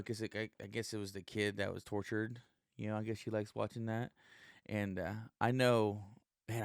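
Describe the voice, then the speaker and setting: A man with a low, smooth, resonant voice talks on his own podcast in a loose, meandering way, swearing freely and filling gaps with "uh" and "you know." He sounds like a stand-up comic just shooting the breeze. The recording is close and dry, with no room sound. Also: no room sound. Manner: rambling and profane, heavy with fillers. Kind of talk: casual solo podcast monologue.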